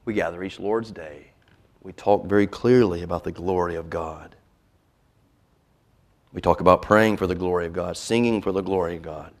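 A male pastor preaching a sermon, swinging from loud emphasis to hushed, whispered lines. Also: deep voice, moderate pace.

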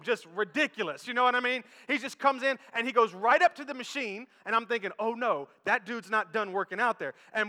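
High, bright-voiced man preaching in a hall. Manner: storytelling, animated, acts out quotes. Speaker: pastor. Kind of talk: sermon. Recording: long hall reverb.

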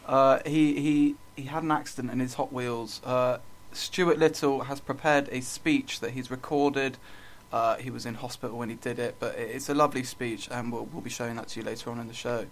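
Deadpan male podcast co-host who keeps stumbling over his words. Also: medium pitch, brisk, a little hiss or hum. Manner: deadpan, stammering restarts. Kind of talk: absurdist comedy podcast chat.

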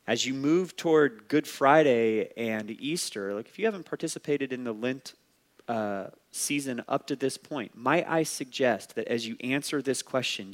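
A man preaching a sermon as pastor, earnest and conversational, often saying "like". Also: mid-range voice. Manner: earnest, exhorting.

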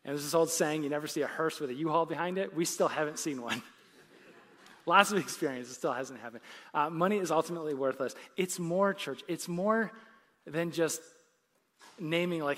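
With a slightly high, somewhat bright voice at an ordinary speed, this man preaches conversationally before a live church audience. He often laughs and works his way up to emphatic points from the stage.

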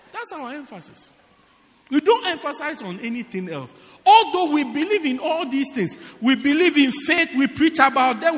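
A man preaching a sermon as pastor, emphatic and repetitive, swinging from shouts to hushed words. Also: very high-pitched, in a large hall. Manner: emphatic, repeats phrases for stress, swings between shouting and hushed tones. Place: church.

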